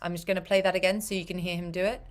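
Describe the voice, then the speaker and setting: A woman's voice: lowish voice, little pitch movement, racing. A woman coaching a choir on pronunciation, patiently repeating and demonstrating each sound. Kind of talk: language coaching for singers.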